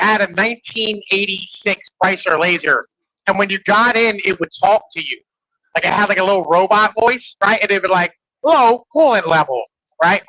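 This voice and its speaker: A man's voice: high-pitched, sharp tone, no echo, poor audio. A man in casual podcast chat, rambling and profane, leaning on "like" and "right?". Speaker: podcast host.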